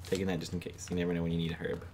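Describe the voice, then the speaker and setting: A man's voice: low-pitched, monotone, rapid-fire, gravelly, a crowd in the background. A man playing a horror game and commenting casually, giggling often and jumpy, talking to the screen. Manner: giggly, jittery, talks to the screen. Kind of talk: casual let's-play commentary. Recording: noisy home recording.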